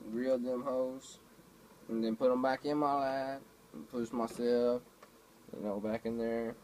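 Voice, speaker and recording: A man's voice: medium pitch, slight background noise, rough recording. A man talking casually to a camera at home, telling rambling everyday stories with lots of fillers and swearing. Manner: laid-back, profane, storytelling with many fillers. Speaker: vlogger. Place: home, indoors.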